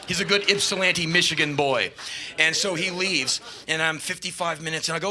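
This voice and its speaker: A man's slightly high voice moves at a quick pace as he performs a live spoken-word story on stage into a microphone. He swears freely and stays animated, bursting into shouts at the peaks.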